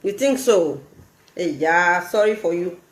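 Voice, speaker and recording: A Nigerian woman streaming a live vlog, talking in an animated, scolding way and laughing often. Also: on the low side, unhurried, echoey room. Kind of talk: casual live-stream commentary.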